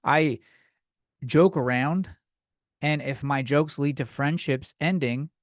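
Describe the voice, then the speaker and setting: Lively, profane male podcast host. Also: mid-range voice, no echo, clean studio sound. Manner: blunt, profane, rambling with restarts. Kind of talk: comedic podcast monologue.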